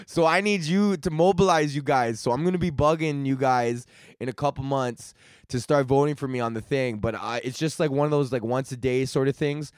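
A man's voice: medium pitch, brisk, dry recording, clean studio sound. A young man hosting a comedy podcast, rambling through a crude, slangy monologue and laughing at his own jokes.

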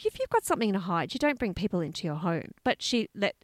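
A woman's voice: medium pitch, fast talker, dry recording. A woman, recounting a story in a casual podcast chat, swearing and acting out quotes. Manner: animated, swears, acts out quotes. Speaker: podcast co-host.

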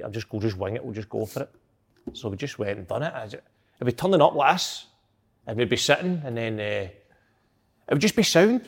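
A man's voice: medium pitch, vocal fry. A young man, a footballer, telling stories in casual chat and laughing often. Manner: laughs often, animated storytelling. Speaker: footballer guest.

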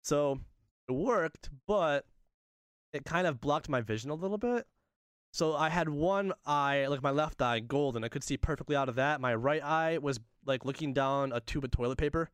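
Animated young man telling a story. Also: a little high, moderate pace, clean tone, no echo. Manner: animated, laughs often, acts out voices. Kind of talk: casual storytelling chat.

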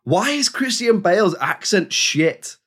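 A man's voice: high voice, big pitch swings, unhurried, a bit bright, breathy edge. A man co-hosting a casual film podcast, rambling and laughing as he talks. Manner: rambling, laughing, full of restarts. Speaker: podcast co-host.

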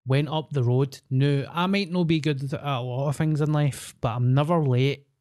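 This Scottish co-host's mid-range voice stays steady and a little mellow at a moderate pace. In casual podcast banter, he tells stories at his own expense, poking fun at himself.

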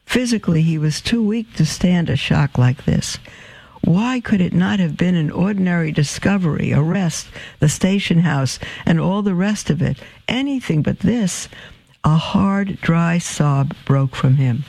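A male radio host reading a story aloud in a measured, expressive way. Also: a little high, gravelly, dry recording.

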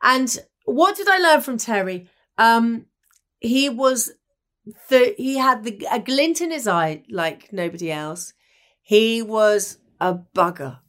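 Here the English broadcaster talks slowly and animatedly in a fairly high, fairly bright voice. As a guest, she looks back on past events and acts out the voices of those she quotes.

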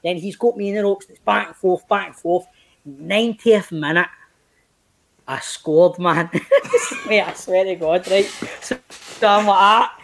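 A man in his late thirties with a Glaswegian Scottish accent, telling a story as a guest in casual chat, animated and sweary, acting out quotes in big swings of pitch. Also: a little slow, vocal fry, background noise. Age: late 30s. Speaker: podcast guest, actor.

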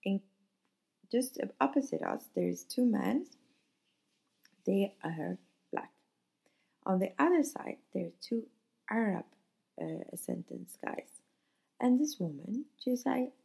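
A woman from northern Europe talks through a personal story on her podcast, earnest and heartfelt. Her voice is low-toned and mellow, with a gravelly fry and a husky edge. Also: expressive, takes it slowly, long pauses. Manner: earnest, heartfelt retelling with acted-out quotes. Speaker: podcast host. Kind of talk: casual storytelling monologue.

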